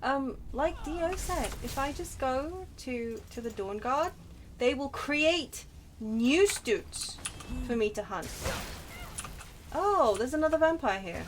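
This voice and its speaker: A woman's voice: high voice, expressive, slow, slight background noise. A woman streaming a game, chatting casually, bantering and poking fun at herself. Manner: chatty, self-mocking, bantering. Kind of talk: casual gameplay commentary.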